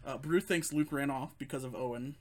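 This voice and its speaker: A man co-hosting a casual chat, retelling a fan film with laughs and quick imitations of the characters. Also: medium pitch. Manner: laughing, quoting characters in quick put-on voices. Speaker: podcast co-host.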